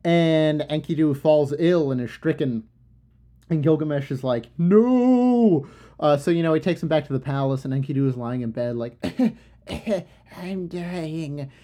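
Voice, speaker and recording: A man's voice: a little high, fairly even intonation, normal speed, mellow. A young man casually retelling an old myth in loose, rambling slang with plenty of fillers. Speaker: storyteller.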